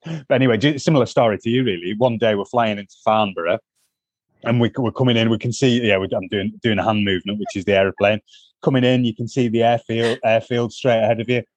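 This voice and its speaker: A man's voice: lowish voice, fast talker, no room sound, dull audio. A middle-aged man from northwest England, co-hosting a podcast and telling a rambling travel story. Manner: rambling, many fillers and restarts. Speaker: podcast co-host. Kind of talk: casual chat, storytelling.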